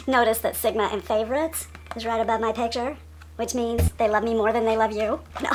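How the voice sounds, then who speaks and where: A woman's voice: on the high side, steady tone, fast talker, soft background music. A middle-aged woman beauty vlogger joking around, teasing and mock-dramatic. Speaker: beauty YouTuber. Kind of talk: playful vlog blooper chatter.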